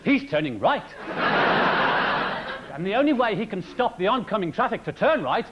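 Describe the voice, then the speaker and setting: A man doing an animated, mocking stand-up monologue before a live audience. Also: high voice, moderate pace, slight background noise. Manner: animated, mocking, shouts punchlines. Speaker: comedian. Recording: dull broadcast recording, loud audience.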